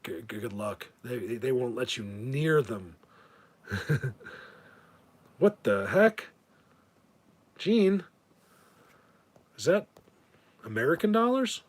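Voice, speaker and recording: A man's voice: mid-range voice, very animated, slow pace, pauses often. A man hosting a casual livestream, rambling and stammering as he thanks viewers, bothered by a whistling ringing in his ears. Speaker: livestream host.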